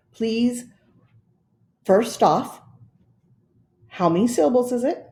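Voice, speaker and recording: A woman teacher giving a slow, patient, step-by-step spelling lesson, repeating each instruction carefully. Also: on the high side, darkish tone. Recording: roomy echo.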